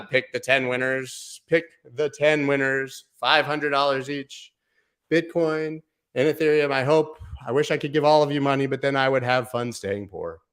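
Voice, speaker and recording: A man hosting a casual livestream giveaway, chatty and playful, now and then slipping into a booming sports-announcer voice. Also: fairly bright tone, clear, resonant tone. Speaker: livestream host.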